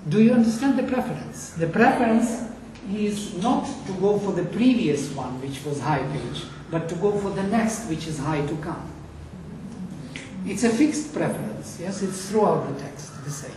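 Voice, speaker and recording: A man's voice: sits high, expressive. Passionate man chanting in an echoey room. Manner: passionate, chants verses slowly. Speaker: Sanskrit teacher. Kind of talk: lecture with chanted Vedic recitation. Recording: echoey room, far from mic, faint noise.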